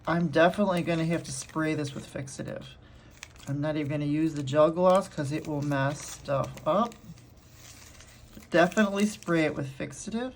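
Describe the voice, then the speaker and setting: A woman's voice: low-pitched, normal speed, slight background noise. A woman art vlogger chatting casually to herself and her viewers while painting, gushing and laughing often.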